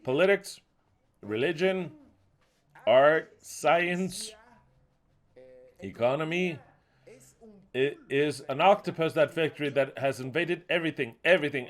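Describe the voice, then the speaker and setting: A man preaching an impassioned sermon, fiery and profane, cursing loudly and swearing often. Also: a little high. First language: Spanish.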